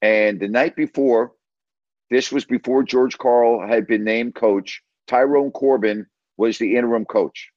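Unhurried and fairly even in intonation, this medium-pitched man works in sports radio and is telling a story as an interview guest. He retells scenes by quoting their dialogue, in a dry recording with the highs cut off.

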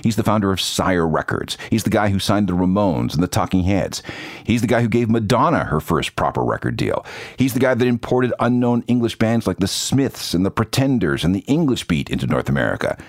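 Podcast host guy telling stories, slightly low voice, bouncy delivery, dry close mic. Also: very animated, moderate pace, no room sound. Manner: storytelling with dry asides. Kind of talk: scripted radio-style narration.

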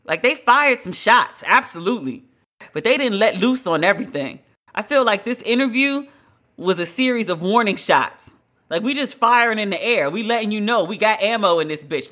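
A podcast host giving solo celebrity-news commentary in a dramatic, emphatic, slangy and profane way, with drawn-out exclamations. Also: mid-range voice, sharp tone.

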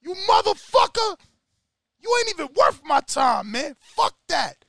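A streetwise old-school boxer, played by a man, snarls curses and slang with loud, hot anger. His voice is lifted and pushed to a shout. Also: extremely high pitch, very animated, measured pace, gravelly, no echo, clean studio sound, pitched above the performer's own voice, exaggerated voice. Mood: angry. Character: gruff streetwise veteran male boxer, angry.

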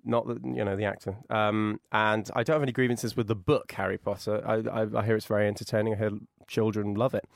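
A man's voice: fairly low pitch, flat delivery, quick pace, gravelly, hardly any pauses, dry recording, clean studio sound. A young man, a comedian guest, ranting in mock outrage and jokingly whining. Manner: mock-indignant, jokey, puts on whiny voices. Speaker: podcast guest, comedian and impersonator. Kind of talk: casual comic rant.

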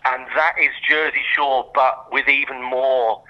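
A man's voice: mid-range voice, steady tone, a little slow, muffled recording, heavy background noise. A man with an English accent, a podcast guest chatting casually with hesitant, understated dry humor. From England.

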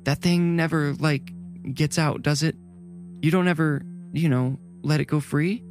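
A man's voice: medium pitch, expressive, fairly quick, faint music behind, voice pushed up, close to an everyday voice. A man voicing a nervous, polite teenage girl babysitter who stammers and hesitates. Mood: uneasy. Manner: flustered, hesitant.

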